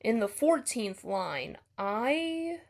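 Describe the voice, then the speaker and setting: Slow, gravelly-voiced woman explaining a poem. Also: on the high side, sing-song. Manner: tentative, many ums, self-correcting. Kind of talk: casual spoken poetry analysis.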